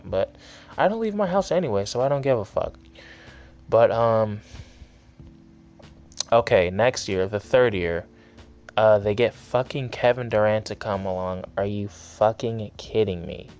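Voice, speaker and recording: A man's voice: fairly low pitch, a little mellow, smooth. A young man hosting his own podcast, delivering an angry, sarcastic, profanity-heavy solo rant. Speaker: podcast host.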